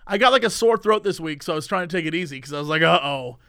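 A man with a notably high speaking voice, bantering on a podcast in an animated, playful way and laughing often. The sound is close and dry, with no room reverb. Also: clean tone. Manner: animated, joking, quick to laugh. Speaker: podcast host. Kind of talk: casual chat.

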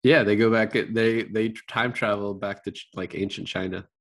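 A man's voice: on the low side, steady tone, moderate pace. Rambling man in casual movie chat. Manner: rambling, many fillers and restarts, laughs often. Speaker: podcast co-host.

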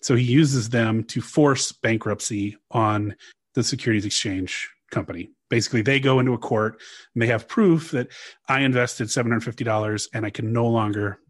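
A man hosts a podcast, casually recounting history and reading old newspaper quotes aloud. His voice sits mid-pitch and is recorded dry and close. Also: moderate pace, no echo. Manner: reads archival quotes aloud, laughs often. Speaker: podcast host. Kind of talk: casual storytelling chat.

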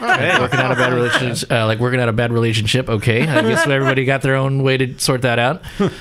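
A man's voice: medium pitch, big pitch swings, fast, fairly bright tone. A man co-hosting a motorcycle podcast, reading a listener's email aloud in casual chat and breaking into laughs and crude asides. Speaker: podcast co-host.

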